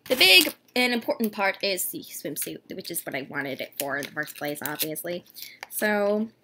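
Gushing, bright-voiced young woman with a cold. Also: fairly low pitch, normal speed, slight background noise. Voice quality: breathy, drifts into whispers. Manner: gushing and excitable. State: congested from a cold. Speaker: doll collector vlogger. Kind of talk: casual unboxing chat. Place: at home with a dog.

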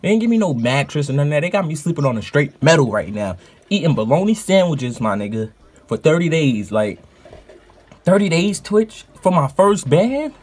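A man who streams, telling a story in a casual, animated and profane vlog rant. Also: fairly high pitch, moderate pace, slightly rough.

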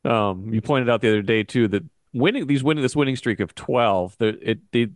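Brief: male sports podcast host, medium pitch, dry close sound, easygoing prompting questions. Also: a little fast, no room sound. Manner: laughs easily and asks prompting questions. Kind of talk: casual podcast interview.

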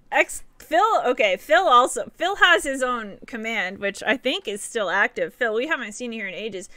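Brief: bright, bubbly female streamer, giggly and chatty, dry close sound. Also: fairly high pitch, big pitch swings, unhurried, no room sound. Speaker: game streamer. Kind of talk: casual live-stream chat with viewers.

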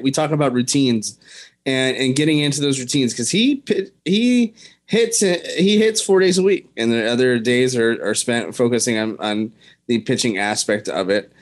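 A man co-hosting a sports podcast, speaking in a measured way with many "you know" fillers. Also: a little high. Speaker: podcast co-host. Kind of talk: casual sports talk.

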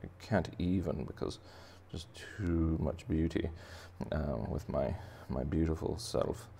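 Cartoon angelfish, vain and snooty, drawling pompously with a slight lift in pitch; a man plays it. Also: vocal fry, mellow, slight background noise, full character voice. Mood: preening. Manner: drawn-out, pompous, self-admiring.

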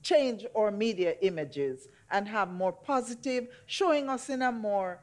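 A woman's voice: medium pitch, lively intonation, a little slow. A woman speaking earnestly on a discussion panel, making her points steadily. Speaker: panelist, disability advocate. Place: festival screening venue.

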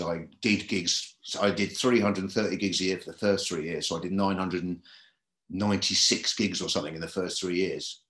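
A very low-pitched man talks through his early working years in a podcast interview. He rambles and repeats himself as he goes. The room adds a noticeable echo to his voice. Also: fairly bright tone. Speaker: comedy club booker and comedian. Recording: roomy echo.

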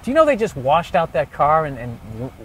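Comedian, male, fairly high voice, loud profane sarcastic rants on an outdoor walk with light street noise. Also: big pitch swings, a little fast. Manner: loud, sarcastic, swears constantly. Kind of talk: profane ranting walking tour.

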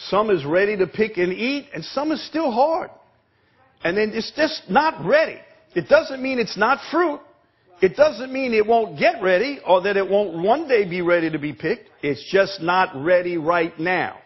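A man preaching a sermon as pastor, emphatic, repeating words and asking the congregation questions, with a husky voice. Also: high voice, animated, a little slow, highs cut off. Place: church sanctuary.

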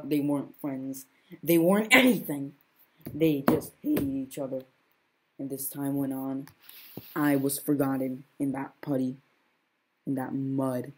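A woman's voice: very deep voice, dark tone, a little hiss or hum. A woman narrating a homemade first-person story in a subdued way, repeating phrases as she goes.

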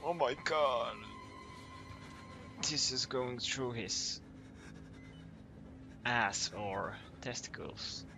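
A man's voice: medium pitch, drawn-out words, long pauses, over music. A young man commenting nervously as he plays a horror game, joking and swearing as he goes. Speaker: gamer.

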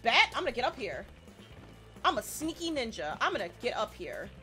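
A woman giving excitable let's play commentary, repeating herself and swearing playfully as she plays. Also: fairly high pitch, fairly quick, soft background music. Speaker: gaming streamer.

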